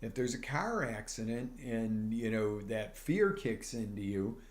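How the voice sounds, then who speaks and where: A male life coach with a lowish voice talks a little slowly yet energetically in a motivational live stream. Addressing viewers head-on, he acts out little scenes.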